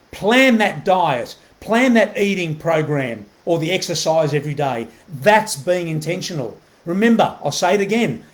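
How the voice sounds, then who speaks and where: A man hosting a motivational live video, talking earnestly and often checking in with a questioning "right?", repeating phrases as he goes. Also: sits high. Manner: earnest, keeps asking "right?" to the viewer; repeats himself, many fillers and restarts. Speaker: motivational host.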